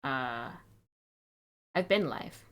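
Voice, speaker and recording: A woman's voice: very deep voice, animated, drawn-out words, a bit bright. A young woman streaming live, chatting casually and fretting aloud in a rambling, wistful way, sounding a little sick.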